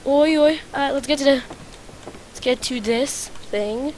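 High voiced woman doing let's play commentary, hyped up, swears a ton, keeps repeating herself. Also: a little slow, slight background noise. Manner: excitable, swears a lot, repeats phrases. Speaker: gaming channel host.

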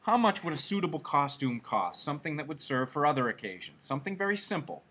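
A man's voice: a little high, big pitch swings, fast, pushed and bright, breathy edge, exaggerated voice. A man doing a timid, stammering clerk husband. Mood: eager. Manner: stammering, hopeful.

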